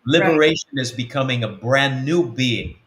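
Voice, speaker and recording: Speaking at normal speed in an expressive, medium-pitched voice with a fairly bright tone, a male spiritual mentor and coach gives conversational teaching for a web-church program. His delivery wanders, peppered with ums and acted-out quotes, all captured with a roomy echo.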